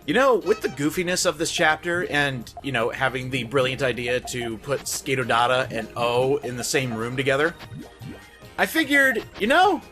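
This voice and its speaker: Goofy animated male game commentator. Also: mid-range voice, moderate pace. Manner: goofy, animated, self-mocking. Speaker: let's play host. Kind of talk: gameplay commentary. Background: game music.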